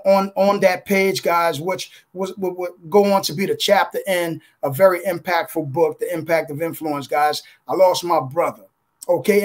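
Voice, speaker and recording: Man, high-pitched voice, preacherly, motivational testimony, video call audio. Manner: preacherly, repeats "guys" and "listen". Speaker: contributing author.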